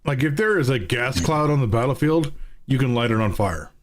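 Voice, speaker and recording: A man's voice: mid-range voice, expressive, a little fast. Rambling man hosting a podcast. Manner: rambling, self-correcting. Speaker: podcast host. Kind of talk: casual podcast chat.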